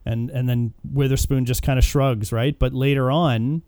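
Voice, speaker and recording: A man's voice: mid-range voice, normal speed, smooth, dry recording. A man in a casual movie discussion with friends, retelling scenes and acting out the characters' lines. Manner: animated, acts out characters' lines.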